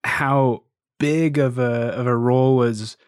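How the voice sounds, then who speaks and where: A man hosts a podcast in a casual, halting way, full of fillers. His pitch stays flat and even. The sound is dry and close. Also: clean tone, no echo. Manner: relaxed, hesitant questions with many fillers. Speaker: podcast host. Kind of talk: casual interview chat.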